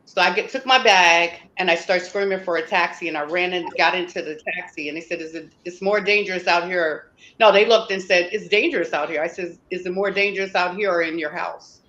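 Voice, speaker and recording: A woman's voice: fairly low pitch, steady tone, fairly quick, hardly any pauses, a bit bright, dull audio, slight background noise. A woman interview guest telling a personal story emphatically, acting out what people said to her. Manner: emphatic, acts out quoted dialogue.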